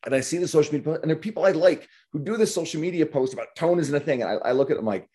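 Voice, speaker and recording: A man's voice: fairly high pitch, animated, very fast, few pauses, warm tone. A man hosting a podcast, talking bluntly and animatedly about coaching, swearing freely. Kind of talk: casual podcast conversation.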